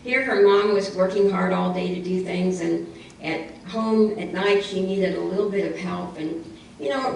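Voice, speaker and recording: A woman telling a story to children at church, expressive and lively, repeating lines for emphasis. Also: fairly low pitch, normal speed, vocal fry, a little hiss or hum. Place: church hall. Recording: echoey church hall from far off.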